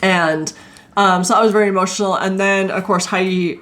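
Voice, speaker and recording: A woman co-hosting a podcast, telling a story in a casual, excitable way, full of "like"s. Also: mid-range voice, brisk. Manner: animated, excitable, many "like"s. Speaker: podcast co-host.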